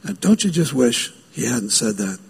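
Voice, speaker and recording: Male preacher, sermon, emphatic, repeats phrases, husky tone. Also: mid-range voice, very animated, moderate pace. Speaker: pastor.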